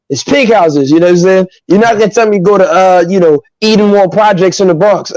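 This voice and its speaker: A man from Nigeria speaks as a guest in a casual podcast chat, telling his stories in an animated, emphatic way. His voice sits a little high. The sound is dry and close, with no room echo. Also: fairly quick. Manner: animated, emphatic storytelling with frequent asides.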